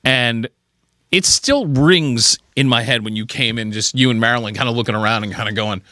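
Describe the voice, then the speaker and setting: A man's voice: mid-range voice, fairly quick, bright, forceful tone, no room sound. A man hosting a podcast interview in a studio, enthusiastic and often chiming in with agreement. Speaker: podcast host. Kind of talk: casual interview chat.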